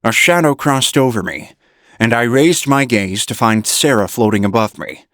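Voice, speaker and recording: A man reading an audiobook in measured first-person narration. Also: medium pitch, animated, a bit bright, no room sound, studio quality.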